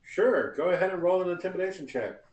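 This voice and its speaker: A man's voice: high-pitched, animated, quick pace, a little mellow, lo-fi sound. Man running a tabletop game, roomy echo. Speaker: dungeon master.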